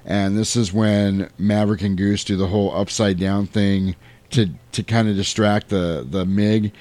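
A man's voice: on the low side, steady tone, unhurried, darkish tone, dry recording. A man chatting casually on a podcast, rambling through a film plot with playful quoted voices and the odd swear word. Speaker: podcast co-host recapping a film. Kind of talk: casual chat.

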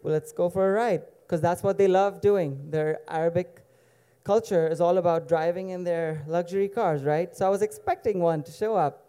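A man's voice: high-pitched, gravelly, dark tone, clean tone. A man from Dubai telling a personal story to an audience in a casual, digressive way with wry asides.

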